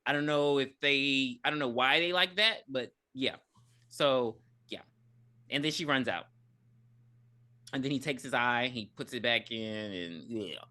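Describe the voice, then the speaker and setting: Bright-voiced woman recapping a movie. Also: extremely low pitch, a little slow. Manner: profane, emphatic storytelling. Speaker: podcast host.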